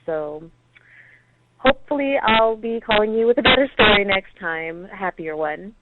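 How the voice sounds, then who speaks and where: A woman's voice: medium pitch, moderate pace. Frustrated woman ranting over a phone line. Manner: frustrated, animated storytelling. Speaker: caller. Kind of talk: phoned-in voicemail rant. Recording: tinny phone line with faint hiss.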